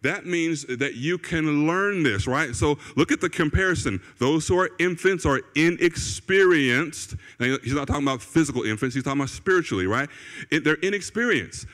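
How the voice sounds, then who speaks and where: A pastor with a fairly high, very animated voice and a slightly bright tone preaches at normal speed in a church sanctuary, with the long reverb of a church hall. His sermon is conversational, repeating phrases for emphasis and often checking in with "right?" or "okay?"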